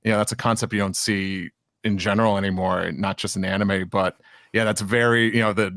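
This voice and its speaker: A man with a fairly low voice chats loosely as a podcast co-host. He stumbles and restarts often and leans on fillers. The sound is dry and close, with no room echo. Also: steady tone, brisk, a bit bright. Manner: chatty, many restarts and "you know" fillers. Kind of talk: casual chat.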